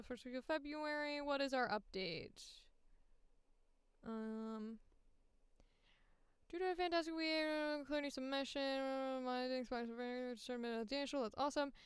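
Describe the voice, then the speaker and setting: High, smooth-voiced woman streaming. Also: fairly bright tone, dry recording. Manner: chatty, reads casting briefs aloud, playful asides. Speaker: voice actor. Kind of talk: casual livestream chat.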